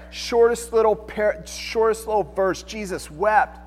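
A man's voice: high voice, normal speed, creaky. A man preaching a sermon in a church, talking in a loose, conversational way and throwing out rhetorical questions. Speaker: pastor. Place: church sanctuary. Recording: long hall reverb, faint music behind.

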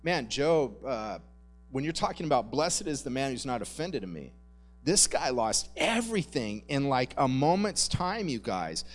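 A pastor giving a relaxed, conversational sermon, joking and calling his listeners "guys.". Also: medium pitch, moderate pace, soft background music. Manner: conversational, jokey, addresses the congregation as "guys". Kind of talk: casual sermon.

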